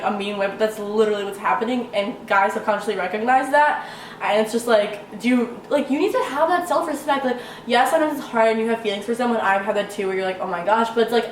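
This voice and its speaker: Brief: young woman vlogger, quick and rambling, high voice, mic at a distance with faint ambience. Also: slight background noise. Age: young adult. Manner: rambling, full of "like", swears freely. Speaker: vlogger giving relationship advice. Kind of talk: casual advice vlog. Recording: echoey room, away from the mic, faint ambience.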